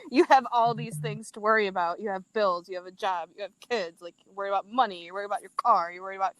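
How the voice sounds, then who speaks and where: A young woman chats as a guest, telling her stories in an animated way and laughing through them. Her voice sits at an ordinary pitch, and the recording is dry and close. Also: fast talker, no echo, poor audio. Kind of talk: casual chat.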